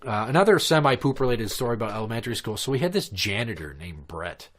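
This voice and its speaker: His medium-pitched voice has a sing-song lilt and a quick pace as the Minnesota podcaster swaps crude stories. The chat stays casual and profane, punctuated by laughter at his own jokes.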